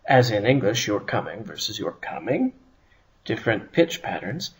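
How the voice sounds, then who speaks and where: Man, grammar teacher, recorded lesson, lively swooping intonation, medium pitch, measured explanations. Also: poor audio. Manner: measured explanatory delivery with stressed phrase openings. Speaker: Hebrew teacher.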